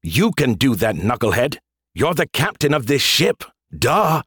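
A man's voice: medium pitch, sing-song, unhurried, fairly bright tone, husky, no echo, studio quality, pitched above the performer's own voice, exaggerated voice. A man voicing a smug, sarcastic male AI who talks down to people and calls them names. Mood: condescending. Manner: snarky, condescending, name-calling.

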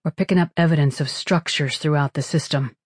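A man's voice: a little high, steady tone, fairly quick, dry recording, studio quality, close to an everyday voice. Narrator playing a blunt male starship captain. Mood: businesslike. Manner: blunt, commanding.

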